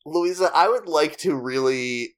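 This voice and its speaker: A man's voice: on the high side, unhurried, clean tone. A man co-hosting a podcast in casual chat, teasing his friends with dry humor and frequent laughter. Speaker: podcast co-host.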